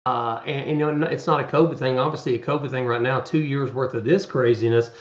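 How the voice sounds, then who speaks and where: A man's voice: mid-range voice, steady tone, brisk, reverberant, highs cut off. A man in his fifties talking earnestly on a podcast, rambling with many restarts as he explains his charity work. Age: 50s. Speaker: podcast guest, charity event organizer. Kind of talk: casual chat.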